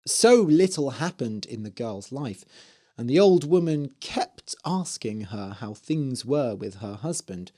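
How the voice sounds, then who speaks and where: A storyteller reading a fairy tale aloud slowly for English learners. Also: mid-range voice. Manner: slow, clear, expressive. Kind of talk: scripted narration for English learners.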